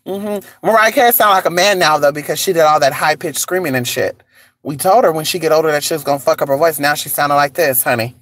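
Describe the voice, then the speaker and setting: A vlogger in a casual gossip chat outdoors in the cold, sassy and animated, calling listeners honey and girl. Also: mid-range voice, fast talker.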